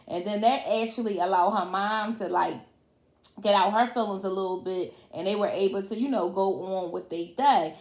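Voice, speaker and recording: A woman's voice: mid-range voice, normal speed, darkish tone, roomy sound. A woman recapping a reality TV episode in a casual, colloquial chat, with lots of fillers and frequent laughs. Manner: chatty, colloquial, laughs often, many fillers.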